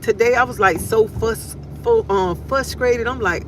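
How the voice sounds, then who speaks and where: A woman's voice: a little high, measured pace. A woman hosting a casual inspirational live stream, talking earnestly and repeating her phrases, recorded on a phone outdoors. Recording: noisy outdoor traffic background.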